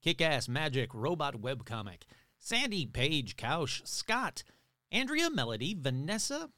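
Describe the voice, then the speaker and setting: A man hosting a paranormal podcast in a casual, upbeat, rambling way, reading off playful shout-outs. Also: fairly high pitch, sing-song, unhurried, no echo, clean studio sound. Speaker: podcast host. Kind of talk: casual chat.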